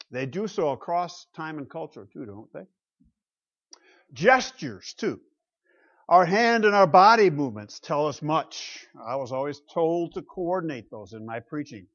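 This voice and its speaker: A pastor preaches from a church pulpit, talking conversationally and posing rhetorical questions to the congregation. His voice is fairly high, and the recording sounds lo-fi.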